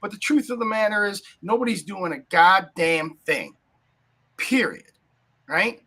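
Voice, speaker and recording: A man's voice: high-pitched, animated, unhurried, pushed and bright, poor audio. A man hosting a talk podcast, ranting angrily about politics with lots of swearing and a habit of asking "right?". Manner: angry, profane, keeps asking "right?". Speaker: podcast host.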